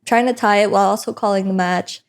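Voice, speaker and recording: A young woman, a professional wrestler, telling stories in a casual interview with an animated, laughing manner. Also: medium pitch, fast, clean tone. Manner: animated, laughing often, acts out voices in stories. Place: indoor interview set.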